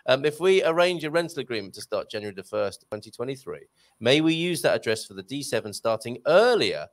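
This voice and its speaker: A man's voice: medium pitch, brisk. A man hosting a live-stream chat, joking and poking fun at himself as he reads out viewer questions. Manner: joking, self-mocking, lively banter. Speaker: show host.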